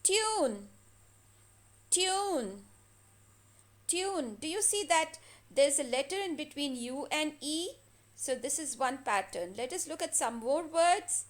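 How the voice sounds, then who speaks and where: A woman teaching a phonics lesson to children, stretching and repeating each word slowly for practice. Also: sits high, lively intonation. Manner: slow, drawn-out words repeated for practice.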